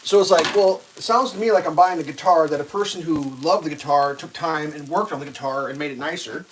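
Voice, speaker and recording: A man's voice: a little high, a little hiss or hum. A man casually rambling through a story on a live stream, swearing freely and acting out what others said in a raised voice. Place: home kitchen while cooking.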